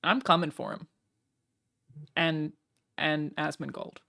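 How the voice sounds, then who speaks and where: Young woman streamer, bright crisp tone, self-mocking and chatty, fast asides. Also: low-pitched. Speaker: streamer reacting to a broadcast. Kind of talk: casual live-stream chat.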